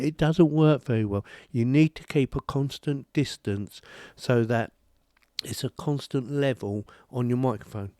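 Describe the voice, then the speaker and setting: Reviewing a boom-arm desk mic at home, this British man is chatty, rambling and quick to poke fun at himself. He speaks a little slowly in a dark, mid-range voice. There's no echo, and the audio is studio quality.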